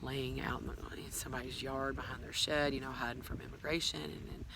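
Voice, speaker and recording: A woman's voice: rumbling low, little pitch movement, quick pace, vocal fry, noisy background. A woman telling her own story to a phone camera at home, rambling with many fillers and asides. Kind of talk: casual personal storytelling. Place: at home, filming herself on a phone.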